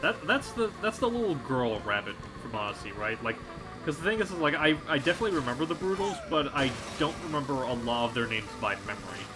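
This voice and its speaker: Animated man chatting over game music. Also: medium pitch, quick pace. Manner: animated, rambling, many restarts. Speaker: streamer and voice actor. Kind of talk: casual chat while gaming. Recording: game music playing behind.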